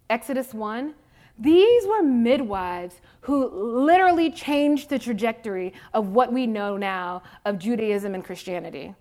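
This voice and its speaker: A woman in her forties speaks to a group of young people, candid and emphatic, circling back on her own phrases to drive them home. Her voice sits a little high for a woman. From Mississippi, USA. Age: 40s. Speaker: faith speaker addressing youth. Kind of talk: personal talk to young people.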